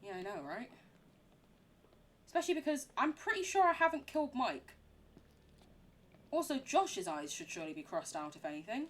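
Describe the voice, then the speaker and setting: A woman's voice: sits high, big pitch swings, normal speed, long pauses. A young woman streaming a horror game, chatting in a giggly, rambling way. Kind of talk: live game commentary.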